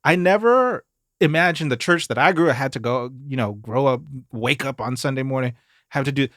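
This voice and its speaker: Animated Southern man telling stories. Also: mid-range voice, a little fast, dry recording, clean studio sound. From Mississippi, US. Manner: animated storyteller, acts out quoted voices. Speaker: guest singer. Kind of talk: casual podcast conversation.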